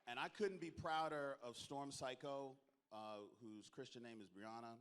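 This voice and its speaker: A man's voice: medium pitch, normal speed, a bit bright, clear, resonant tone. Man storytelling on a convention stage. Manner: storytelling, joking, calls on the audience to applaud. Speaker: convention organizer giving closing speech. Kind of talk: lively onstage speech to a crowd.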